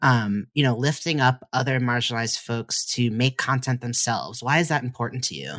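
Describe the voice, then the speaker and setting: A podcast host asking measured, thoughtful interview questions and murmuring agreement while listening. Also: medium pitch, expressive, a bit bright.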